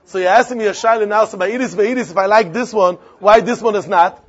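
A man with a Yiddish-inflected accent, giving a Talmud lesson in an animated, repetitive, sing-song way with many questions. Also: high voice, fast talker, muffled recording, a faint crowd. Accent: Yiddish-inflected English. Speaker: Talmud teacher.

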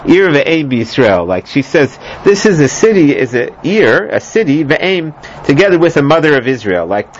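A man's voice: a little high, big pitch swings, normal speed, few pauses, slight background noise. A man teaching a scripture lesson, rambling with many fillers, restarts and joking asides, in a dull lo-fi recording. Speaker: Bible teacher. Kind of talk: lecture on scripture.

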